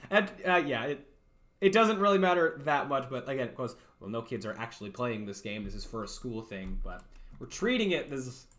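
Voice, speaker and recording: Rambling young male streamer, lively voice. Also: medium pitch, moderate pace. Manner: rambling and self-deprecating, laughs often, lots of fillers. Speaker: livestreamer. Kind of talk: casual livestream chat.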